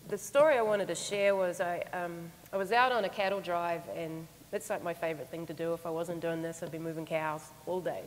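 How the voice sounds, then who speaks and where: A woman's voice: lowish voice, big-room sound, slight background noise, poor audio. A woman giving a conference talk, telling a story in an earnest, reflective way. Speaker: conference speaker.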